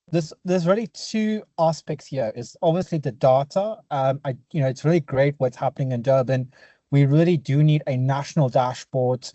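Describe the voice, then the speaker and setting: A man's voice: a little high, warm tone, no echo, muffled recording. A young man from South Africa with an Afrikaans accent, an urban planner giving an earnest webinar presentation over a video call. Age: young adult. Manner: earnest, quick, apologetic asides.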